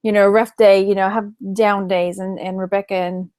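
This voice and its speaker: A woman's voice: mid-range voice, flat delivery, brisk, darkish tone, dry recording, studio quality. A woman with a Texan accent chatting casually on a late-night live stream, tired and greeting viewers by name as she goes. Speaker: online reseller doing a live stream.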